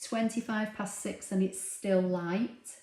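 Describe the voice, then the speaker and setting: Host: woman, relaxed and chatty, reading out comments in a roomy, echoey home room. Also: mid-range voice, slow pace. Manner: chatty, relaxed, with frequent ums and laughs. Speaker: craft livestream host. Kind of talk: casual live chat, reading viewer comments aloud. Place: home room with a dog nearby.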